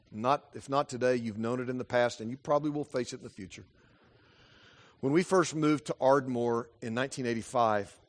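A middle-aged man preaching a sermon in a church, earnest and storytelling, moving between hushed and emphatic passages. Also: medium pitch. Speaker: pastor.

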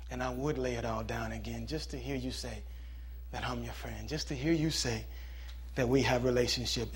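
Brief: male preacher, mid-pitched, animated storyteller turning quiet and earnest. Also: slight background noise. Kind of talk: sermon with a humorous story.

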